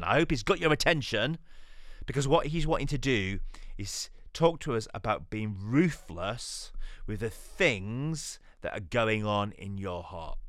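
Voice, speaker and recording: Guy preaching, punchy and repetitive, kinda low voice, dead dry mic. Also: fairly bright tone, no room sound. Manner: emphatic, repeats key phrases. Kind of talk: podcast sermon.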